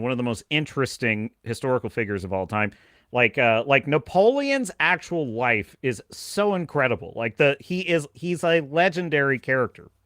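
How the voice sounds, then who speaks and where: A man's voice: mid-range voice, fairly bright tone, no echo, clean studio sound. A man hosting a live stream, ranting animatedly and laughing as he reads out chat messages.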